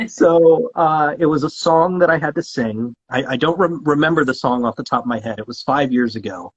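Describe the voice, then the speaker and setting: Chatty guy voice actor on an interview, kinda husky, bit high, lots of ums and restarts. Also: a little fast, few pauses, lo-fi sound. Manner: talkative, with frequent restarts and fillers. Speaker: guest voice actor. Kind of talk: casual interview chat.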